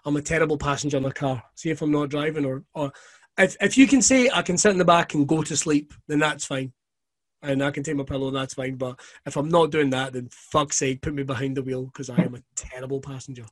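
A man from Scotland, a guest telling animated, profane stories in casual chat. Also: fairly high pitch, fast talker. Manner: profane, animated anecdotes with laughter. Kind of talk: casual storytelling.

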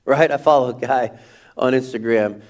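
A man preaching a sermon as pastor, animated, asking rhetorical questions and shouting quoted lines for emphasis. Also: mid-range voice, normal speed. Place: church sanctuary.

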